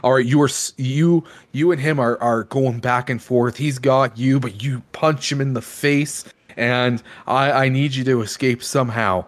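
A man's voice: mid-range voice, normal speed, few pauses. A man narrating a comedic tabletop game as game master, describing action scenes playfully.

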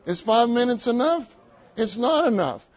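A man's voice: very high-pitched, lively intonation, normal speed, low-quality recording. An older man preaching a sermon to a meeting, emphatic, repeating his key phrases and laughing lightly between points.

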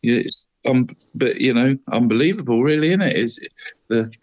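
A man's voice: mid-range voice, lively intonation, moderate pace, lo-fi sound. Man, middle-aged, casual football podcast co-host, laughing, matey. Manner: chatty, says "mate" constantly, laughs often.

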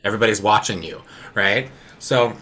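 A man's voice: lowish voice, fairly even intonation, moderate pace, sharp tone, slight background noise. A man co-hosting a podcast in casual conversation, rambling with restarts and frequent "right?" tags. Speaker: podcast co-host.

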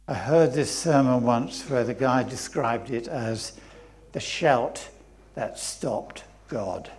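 A man's voice: mid-range voice, takes it slowly, a little mellow. A man, preaching a sermon in a church, reading scripture and repeating phrases for emphasis. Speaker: pastor.

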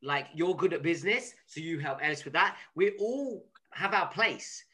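A calm, reflective man co-hosting a podcast. His voice is fairly high for a man, with a bright, forceful edge to it. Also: moderate pace. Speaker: podcast co-host. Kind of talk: casual chat.

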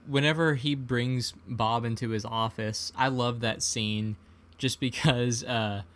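A man's voice: medium pitch, steady tone, unhurried, fairly bright tone. A man in casual conversation, retelling movie scenes in a laid-back way. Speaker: podcast co-host. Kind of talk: casual film discussion.

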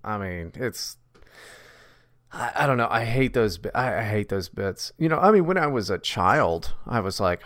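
A man's voice: lowish voice, animated, moderate pace, a bit bright, no echo. A man co-hosting a podcast, talking bluntly and profanely, mocking and ranting in casual chat. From West Virginia. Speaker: podcast co-host.

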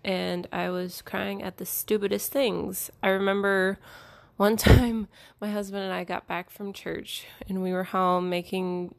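A woman's voice: medium pitch, flat delivery, measured pace, vocal fry. A young woman in casual personal storytelling, chatty and rambling with many fillers. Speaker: podcast host.

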